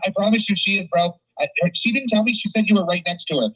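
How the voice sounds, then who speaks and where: A man with a high voice fires off his words at speed. He sounds animated and informal, talking on a recorded phone call. The line sounds muffled and lo-fi. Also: fast talker. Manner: animated and excitable. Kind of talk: casual phone conversation.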